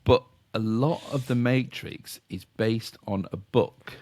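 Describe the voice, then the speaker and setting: A man's voice: mid-range voice, slow pace, a little mellow, dry recording. A middle-aged man with a Yorkshire accent, co-hosting a casual podcast chat and explaining ideas in a rambling, self-interrupting way with chuckles. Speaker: podcast co-host.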